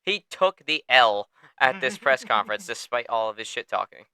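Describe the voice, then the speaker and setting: A man hosting a casual sports podcast, telling stories in an animated way, swearing freely and laughing often. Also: medium pitch, moderate pace, smooth, dry recording. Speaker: podcast host.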